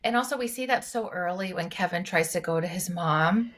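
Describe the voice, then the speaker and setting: A woman co-hosting a podcast as a mental health clinician, talking in an earnest, expressive way. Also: fairly low pitch, a little fast. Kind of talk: casual podcast discussion.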